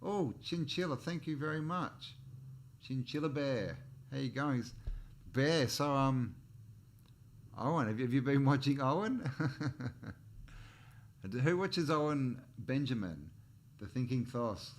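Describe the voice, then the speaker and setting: A man's voice: mid-range voice, lively intonation, slow, pauses often. A man hosting a casual livestream chat, rambling between topics and greeting viewers in the chat with frequent restarts and chuckles. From Australia. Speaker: channel host.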